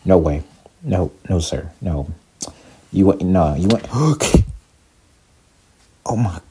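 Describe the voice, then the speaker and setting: A young man giving casual, excitable commentary while playing a block-building game, often panicking and talking to his viewers. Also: sits low, slow pace, noisy background. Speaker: gaming YouTuber. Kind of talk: casual Minecraft let's play commentary.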